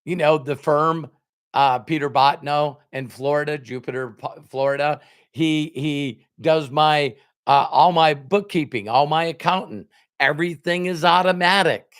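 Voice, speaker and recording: Animated middle-aged man telling a story. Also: fairly high pitch, measured pace, smooth. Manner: animated storyteller, acts out both sides of dialogue. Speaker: motivational speaker. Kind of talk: storytelling talk to an audience.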